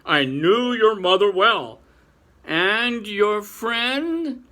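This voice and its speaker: A man voicing a pompous older male chief rabbit in a storybook reading, speaking in a slow, patronizing drawl. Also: high-pitched, lively intonation, pushed and bright, pitched above the performer's own voice, full character voice.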